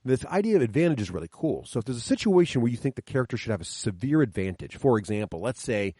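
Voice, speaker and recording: A middle-aged man talks enthusiastically about running tabletop games for his children, walking through the rules one step at a time. His delivery is quick, with lively swings in pitch. The sound is dry and close. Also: dry recording. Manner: enthusiastic, explains rules step by step, acts out players' lines. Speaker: podcast guest explaining his tabletop games with kids. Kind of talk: animated storytelling chat. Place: coffee shop, sit-down chat.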